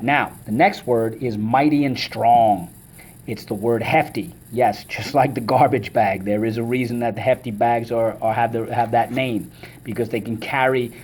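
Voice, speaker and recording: A man teaching a vocabulary lesson, energetic and enthusiastic, leading call-and-response drills and chanting words syllable by syllable. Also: mid-range voice.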